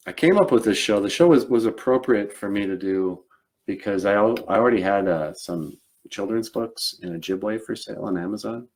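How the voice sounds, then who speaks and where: A man's voice: deep voice, a little mellow. A man hosting a live stream in casual chat, rambling and hesitant, with many fillers and restarts. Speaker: show host and puppeteer.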